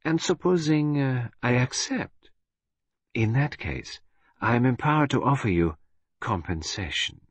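A man voicing a calm, sinister criminal agent who talks slowly and coolly. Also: medium pitch, husky, dry recording, pitched above the performer's own voice. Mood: calm menace. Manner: calm, unhurried.

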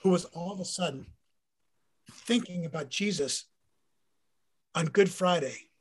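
Earnest middle-aged man, higher voice. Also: unhurried, husky. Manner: earnest, animated storytelling. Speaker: guest, former pro football player. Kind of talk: personal faith testimony in conversation.

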